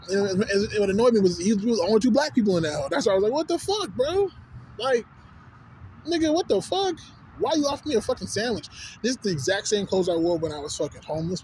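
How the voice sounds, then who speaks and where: Brief: high, quick-talking man, profane animated street rant, outdoors with faint city noise. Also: low-quality recording. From Texas. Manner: profane, animated storytelling with slang fillers. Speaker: vlogger. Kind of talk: casual rant to camera.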